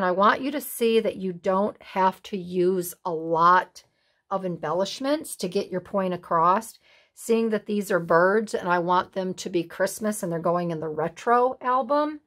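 A middle-aged woman with a medium-pitched voice hosts a craft video from her craft room. She chats casually as she works, rambling along in a folksy way.

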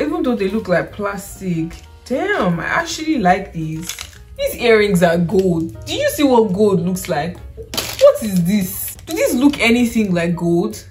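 A British young woman in her late teens chatting casually to camera about a haul, animated and laughing at herself. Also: medium pitch. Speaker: vlogger.

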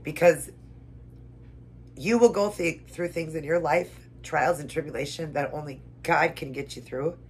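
Low-voiced woman, tearful and earnest. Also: fairly even intonation, normal speed, few pauses, breathy edge. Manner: tearful, earnest, repeats herself. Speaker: keto vlogger. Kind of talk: emotional devotional vlog with prayer and eating.

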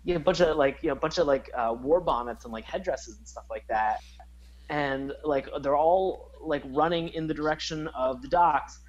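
A man's voice: a little high, moderate pace, dull audio. A man co-hosting a podcast, talking in a hesitant, filler-heavy casual way. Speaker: podcast co-host. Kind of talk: casual chat.

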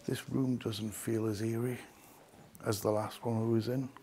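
A man hosting a ghost-hunting vlog, talking in a hushed voice as he walks through the rooms of an old mansion. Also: medium pitch, little pitch movement, measured pace. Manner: hushed, keeping his voice down. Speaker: paranormal investigator host. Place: rooms of a large historic mansion, indoors.

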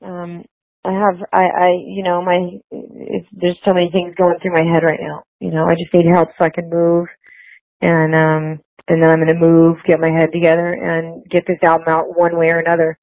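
A woman's voice: lowish voice, completely flat delivery, moderate pace, dry recording. A woman guest in a phone interview, talking in an emotional, rambling way with many restarts. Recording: tinny dry phone line.

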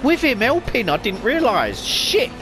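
Over game music and car noise, a gamer frantically commentates his let's play, cursing heavily and apologizing repeatedly. His very high voice swoops wildly in pitch, though his pace stays measured.

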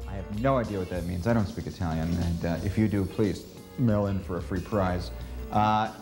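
A man with a lowish voice introducing the next short films in a loose, joking way. He pokes fun at himself as he goes. Faint music plays behind him. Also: normal speed, darkish tone. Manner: rambling, self-deprecating jokes. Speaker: host. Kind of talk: casual introduction.

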